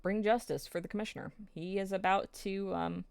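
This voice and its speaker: A woman's voice: mid-range voice, steady tone, fairly quick, creaky, darkish tone, clear, resonant tone. A woman recapping episodes of a drama in a casual, emotional, storytelling way, with plenty of fillers.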